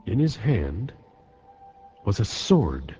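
Brief: very deep, dark-toned male reader, dramatic, lively pitch, dull lo-fi sound. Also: slow, slightly rough, faint music behind. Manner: dramatic, with wide pitch swings. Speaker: reader of a letter. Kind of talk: dramatic reading of a wartime letter. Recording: dull lo-fi recording.

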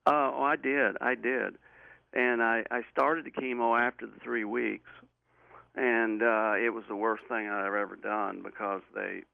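An interview guest talks over a call in a gravelly, creaky voice. His earnest storytelling rambles and restarts often. The sound is thin and phone-like, with a dry, close quality. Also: mid-range voice, level tone, unhurried, no room sound. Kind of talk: personal storytelling in a remote interview. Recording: tinny phone-line audio.

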